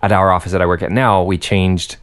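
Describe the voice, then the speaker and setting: Young dude ranting about work, swears a lot, low voice. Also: male voice, flat delivery, fairly quick, fairly bright tone, clean tone. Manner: ranting, swears freely, jokey. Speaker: podcast host. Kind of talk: casual chat.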